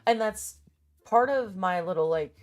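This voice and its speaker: A woman's voice: mid-range voice, animated, unhurried, soft background music. A young woman in casual, rambling chat who swears freely and mutters to herself as she makes a list. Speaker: vlogger.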